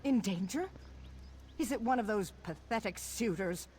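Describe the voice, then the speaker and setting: A woman's voice: mid-range voice, lively intonation, moderate pace, a little mellow, slightly rough. An actress playing a gracious, anxious noblewoman countess in a video game, speaking formally and earnestly.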